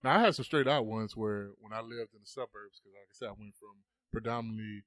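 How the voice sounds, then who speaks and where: A man's voice: fairly low pitch, quick pace, a bit bright, no echo. A man, a podcast guest, telling a story casually into a close mic. He swears often and acts out the voices.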